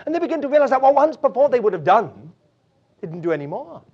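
A man's voice: very high voice, big pitch swings, fast talker, breathy edge. A man preaching a sermon, drifting into chuckling anecdotes with many fillers. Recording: dull lo-fi recording.

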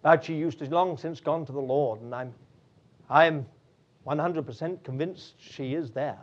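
A man's voice: fairly high pitch, moderate pace. A man preaching a sermon, drifting into chuckling anecdotes with many fillers. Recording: dull lo-fi recording.

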